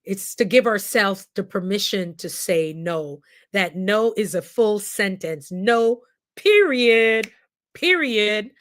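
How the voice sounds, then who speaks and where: A woman, a nurse and coach, hosting a casual live stream and talking straight to her viewers with lively, frequent laughter. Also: mid-range voice, a little slow, hardly any pauses. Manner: animated, laughs often, speaks straight to viewers. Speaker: host. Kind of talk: casual livestream talk to viewers. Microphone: computer mic on a live stream.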